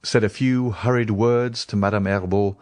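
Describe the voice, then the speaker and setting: A man narrating an audiobook in an expressive storytelling manner. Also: fairly low pitch, normal speed, no echo, studio quality. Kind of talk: scripted narration.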